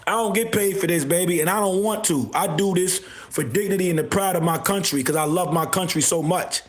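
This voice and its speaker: A man hosting a livestream, delivering a repetitive, confrontational rant with bursts of shouting. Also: sits high, brisk. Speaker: livestream host. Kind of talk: ranting livestream monologue. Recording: echoey room.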